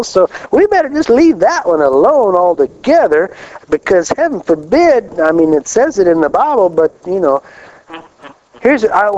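A middle-aged man from Kansas preaching a lively, joking sermon, reading scripture aloud slowly and with emphasis. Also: high voice. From Kansas, USA. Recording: dull lo-fi live recording.

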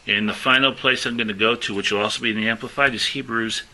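A man's voice: mid-range voice, steady tone, quick pace, bright, forceful tone, poor audio. A middle-aged man giving an informal sermon, talking conversationally and stressing words as he reads scripture aloud. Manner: conversational, self-interrupting, stresses words when reading scripture. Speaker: lay preacher.

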